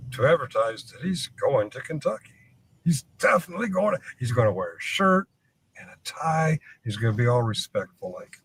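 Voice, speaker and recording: A man's voice: mid-range voice, background noise. A man ranting to the camera, arguing his point over and over with plenty of swearing. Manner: preachy, argumentative, swearing. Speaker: streamer.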